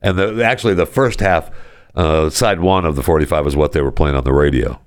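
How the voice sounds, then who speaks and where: A man's voice: very deep voice, brisk, no echo, clean studio sound. A man hosting a radio show, chatting casually in a rambling, jokey, self-deprecating way. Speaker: radio host. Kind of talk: casual on-air chat.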